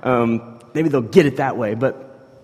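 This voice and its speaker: A man preaching a sermon in a conversational way, shifting from quiet asides to loud, emphatic stretches. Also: medium pitch, slow pace, slightly rough. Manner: conversational, swings between soft asides and loud emphatic bursts. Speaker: pastor. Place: church hall. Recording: long hall reverb.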